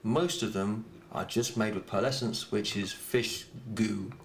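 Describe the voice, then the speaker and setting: A man co-hosts a podcast, rambling through casual chat and swearing freely. His voice is on the low side and unhurried, recorded in an echoey room with faint noise.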